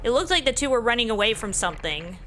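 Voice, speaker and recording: Bright high woman reading a game aloud. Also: fast. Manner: expressive, laughs often. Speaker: let's play host. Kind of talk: reading a visual novel aloud with commentary.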